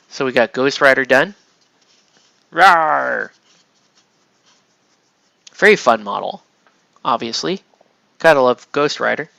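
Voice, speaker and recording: A man talks casually to his stream viewers while he paints, rambling and poking fun at himself. His voice has a gravelly, bright edge. The sound is dry and close, with no room around it. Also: medium pitch, no room sound. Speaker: miniature painter streaming live.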